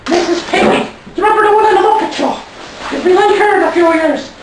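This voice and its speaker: A man's voice: very high-pitched, a little hiss or hum. A man voicing a rude, mocking male character who insults and taunts, recorded from far off in an echoey room.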